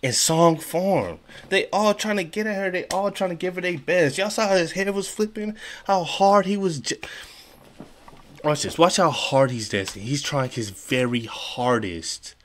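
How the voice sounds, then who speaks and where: A man's voice: fairly high pitch, unhurried, slight background noise. A man hosting a reaction video, chatting casually and exclaiming as he watches. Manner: animated, exclaiming, laughing along. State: a little out of breath. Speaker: reaction channel host.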